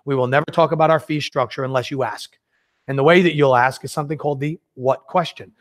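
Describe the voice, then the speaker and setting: A man leading a live sales workshop, talking in an energetic, conversational way and acting out sales dialogues. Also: mid-range voice, fast.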